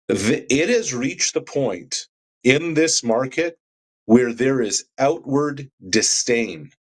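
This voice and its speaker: Man, sports radio co-host, passionate ranter, mid-range voice. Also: medium pitch. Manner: passionate, building rants with rhetorical questions.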